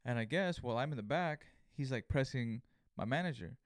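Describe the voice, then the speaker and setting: A man's voice: mid-range voice, animated, a little fast, no room sound, clean studio sound. A man hosting a solo podcast, telling a story in a rambling, casual way full of fillers. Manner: rambling, filler-heavy, conversational. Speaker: podcast host.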